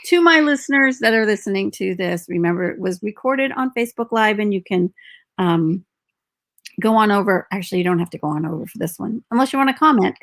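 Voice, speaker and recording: Woman host of a live-streamed podcast, upbeat and encouraging. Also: on the high side. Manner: encouraging, upbeat, gently prompting.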